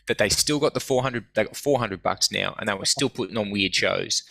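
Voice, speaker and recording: Forceful, profane man telling stories. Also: fairly low pitch, fairly quick, creaky, no room sound. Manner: swearing, animated anecdotes acting out quoted voices. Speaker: guest. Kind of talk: casual storytelling.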